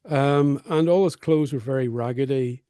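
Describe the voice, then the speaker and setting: A middle-aged man with a Northern Irish accent, a guest telling stories in a wry, unhurried way. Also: mid-range voice, dark tone, smooth, no room sound, studio quality. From North Belfast. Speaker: guest songwriter and storyteller. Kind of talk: conversational storytelling.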